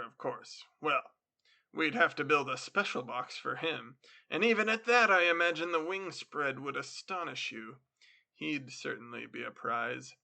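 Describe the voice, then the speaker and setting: Smooth sly devil guy, fake polite, gravelly but bright, man reading it. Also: a little high, full character voice.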